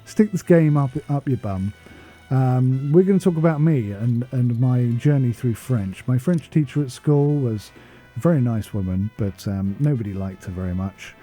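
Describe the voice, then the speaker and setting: An English man talking casually over game footage, rambling from one tangent to the next with a self-deprecating tone. His voice is very dark and husky, with faint game music playing softly behind him. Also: medium pitch, animated, normal speed, few pauses. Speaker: gaming channel host. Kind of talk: casual gameplay commentary voice-over.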